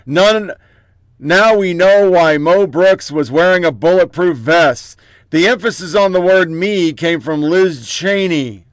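Guy host reading headlines in choppy bits, sarcastic and cursing, kinda high voice. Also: slow pace, no room sound. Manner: reads headlines aloud in clipped bursts, mocking. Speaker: political commentary host. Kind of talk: profane sarcastic commentary.

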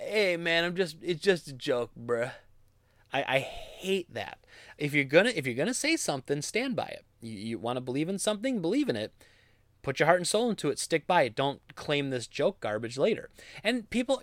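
A man's voice: on the high side, brisk, no echo, clean studio sound. A young adult man giving opinionated commentary, reading tweets aloud with an exasperated, sarcastic edge. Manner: animated, exasperated, sarcastic, with frequent laughs.

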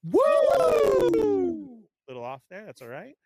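A man hosting a live toy-collecting stream from home, casually rambling and giving upbeat shout-outs to viewers. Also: fairly high pitch, expressive, brisk, heavy background noise. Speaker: host. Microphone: webcam setup at home.

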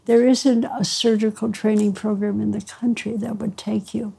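A woman quoting an older male surgery chief with a Southern accent and a slow, dismissive drawl. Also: sits high, level tone, gravelly, mellow, breathy edge, exaggerated voice.

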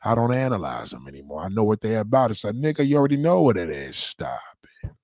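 A man hosting a livestream, giving a blunt, profane motivational rant and slowly repeating a mantra. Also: fairly low pitch, very animated, darkish tone, no echo, clean studio sound. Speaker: livestream host.

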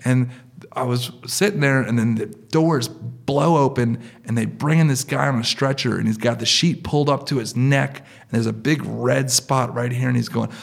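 A man in his thirties or forties spins a personal story for a live crowd, loose and chatty, leaning on fillers. His voice has a gravelly fry running under it. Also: medium pitch, moderate pace. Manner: loose and conversational, full of "like" and "you know".

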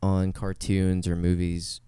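A man's voice: sits low, completely flat delivery, slow pace, mellow, clear, resonant tone, no echo. A man hosting a casual podcast chat, rambling and laid-back, swearing casually, on a studio podcast microphone. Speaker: podcast host.

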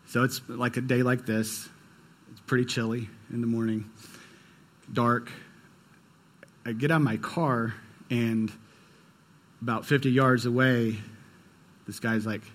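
A young man preaching a sermon, telling a personal story in a casual, conversational way. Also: medium pitch. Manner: conversational, storytelling with quoted dialogue. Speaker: pastor.

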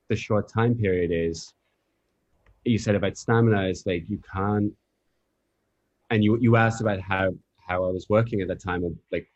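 Deep-voiced man reflecting on his work. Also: a little mellow, dry recording, highs cut off. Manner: thoughtful, reflective, loose phrasing with fillers. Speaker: coffee professional guest. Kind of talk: casual interview chat.

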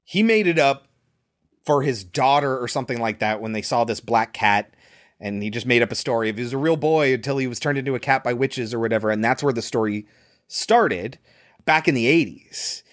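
A man's voice: medium pitch, a little fast. A man co-hosting a podcast, casually recapping a movie and sharing behind-the-scenes trivia. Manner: relaxed, chatty, shares trivia with fillers. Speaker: podcast co-host.

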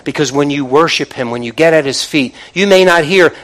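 Male pastor, sermon, conversational preaching, call-and-response asides, church pulpit, slightly higher voice. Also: normal speed, a bit bright, low-quality recording.

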